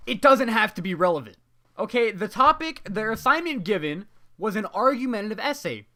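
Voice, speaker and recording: A young adult student vents in an exasperated, profane vlog rant, their voice sitting at a middling pitch. They pile on "you know" fillers as the complaints keep coming. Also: sing-song, a little fast, sharp tone. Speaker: student venting about a graded paper. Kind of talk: ranting vlog monologue.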